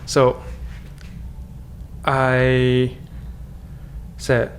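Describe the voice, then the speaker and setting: Podcast guest, man, mid-pitched and gravelly, candid storyteller. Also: a little fast, slight background noise. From China. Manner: earnest, candid, with frequent restarts. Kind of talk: personal storytelling in conversation.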